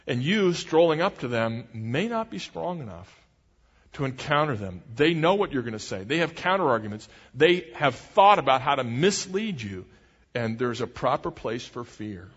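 A man's voice: medium pitch, husky. Man, pastor, sermon, expository preaching, changing pace, long hall reverb, muffled lo-fi recording. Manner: expository preaching, shifting pace and quoting aloud.

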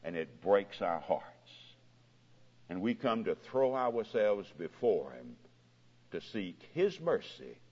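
A man preaching a sermon as pastor, his voice swelling and dropping dramatically in pitch and loudness, recorded in a church. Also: big pitch swings, slow, husky. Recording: dull lo-fi recording with long hall reverb.

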